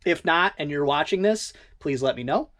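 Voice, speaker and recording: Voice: medium pitch, expressive, normal speed, fairly bright tone. An eBay reseller talking through recent sales in a casual vlog, rambling and thinking aloud in a conversational way.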